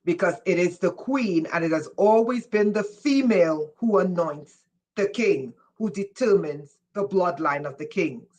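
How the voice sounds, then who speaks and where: A woman giving a live-streamed spiritual lecture, speaking emphatically, repeating key lines slowly for effect, and asking her viewers questions as she goes. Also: fairly low pitch, animated, a little mellow, poor audio. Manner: asks listeners questions. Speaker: spiritual teacher.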